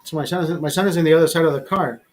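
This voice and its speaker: A man's voice: fairly high pitch, fairly even intonation, very fast, soft background music. Heated, profane man telling a story. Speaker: show host.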